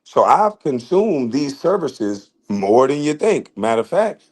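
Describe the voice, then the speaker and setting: A man's voice: medium pitch, sing-song, measured pace, darkish tone. A man ranting in casual commentary, blunt and heavy on cursing. He keeps breaking into laughter as he talks back to his critics. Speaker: commentator reacting to online critics. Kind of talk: casual profane rant.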